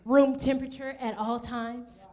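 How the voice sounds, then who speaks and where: A woman with a high voice preaches a sermon as pastor. She speaks straight to her listeners with questions. She brings the story to life by putting on the voices of its people. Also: fairly even intonation, moderate pace, mellow. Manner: direct questions to the congregation.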